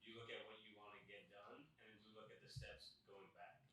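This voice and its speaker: Young man, mid-pitched, calm, off-mic in a very echoey room. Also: fairly quick, far from the mic. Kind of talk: casual chat.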